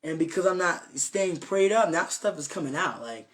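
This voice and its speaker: A man's voice: fairly high pitch, lively intonation, moderate pace. A young man giving an informal, earnest devotional talk, rambling with many fillers and restarts. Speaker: self-made preacher.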